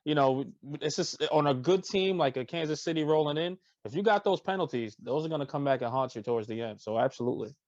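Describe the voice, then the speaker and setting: A man's voice: fairly high pitch, expressive, fast talker, hardly any pauses, a little mellow, dry recording, muffled recording. A man co-hosting a casual sports podcast, ranting emphatically about his team's players. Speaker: podcast co-host.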